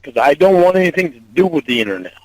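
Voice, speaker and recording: A man's voice: on the high side, very animated, quick pace, a little mellow, no room sound. Agitated man cursing on a phone call. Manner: agitated, swearing, repeats himself.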